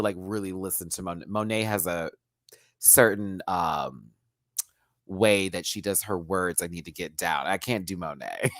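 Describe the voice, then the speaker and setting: A man's voice: fairly low pitch, no echo. A man giving a live reaction review of a reality show, laughing often and breaking into impressions. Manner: animated, laughing, doing impressions.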